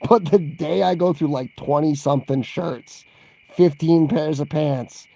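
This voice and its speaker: Man, gravelly voice, slightly high pitch, rambling casual livestream chat, laughs a lot. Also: unhurried, mellow. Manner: rambling and chatty, laughs often, reacts to live chat. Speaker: vlogger answering viewer questions.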